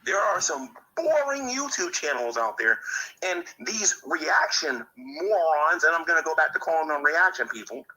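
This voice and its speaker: A man's voice: on the high side, big pitch swings, normal speed, pushed and bright, poor audio. A man giving a preachy, indignant rant as a YouTuber, often stumbling into repeated words. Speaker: YouTuber ranting about his community. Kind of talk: monologue rant to camera.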